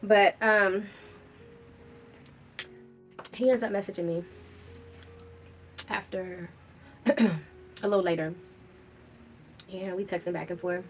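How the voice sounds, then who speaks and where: Brief: woman vlogger, candid first-person storytelling, frank and loose, average pitch. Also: fairly even intonation, takes it slowly, pauses often, faint music behind. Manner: candid, casual, swears freely.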